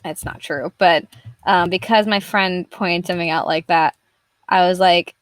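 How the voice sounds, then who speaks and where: Here a young woman artist streams herself drawing, rambling through casual chat and cursing freely. She speaks at a measured pace in a steady, lowish voice, and there's no room sound at all.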